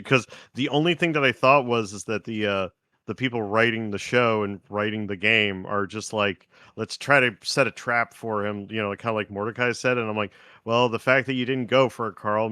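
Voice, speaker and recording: A man with a low but bright, forceful voice jokes around on a podcast, cursing casually as he riffs. The sound is dry and close, with no room around it. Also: normal speed, no echo. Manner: joking, profane, riffing. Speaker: podcast co-host. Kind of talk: casual chat.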